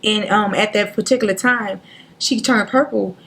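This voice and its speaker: A woman, a guest on a talk show, telling a painful personal story in an earnest, halting way, near tears, acting out what others said. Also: mid-range voice, steady tone, creaky, a bit bright, slight background noise. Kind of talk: emotional personal story in interview.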